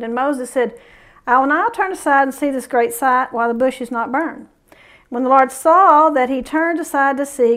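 A woman Bible teacher reading scripture aloud and then explaining it in emphatic bursts, sermon style. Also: high-pitched.

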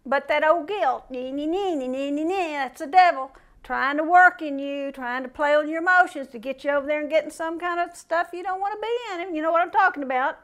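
A woman preaching an informal sermon, talking to her congregation in a relaxed, conversational way with playful asides. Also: high-pitched, fairly quick. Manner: conversational, animated, playful asides and mimicked voices.

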